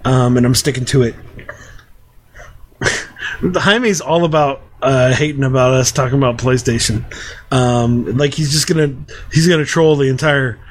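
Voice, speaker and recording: A man's voice: mid-range voice, normal speed, long pauses. A man in his thirties hosting a casual podcast chat, telling stories with lots of restarts and fillers. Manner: rambling, frequent restarts and fillers. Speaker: podcast host.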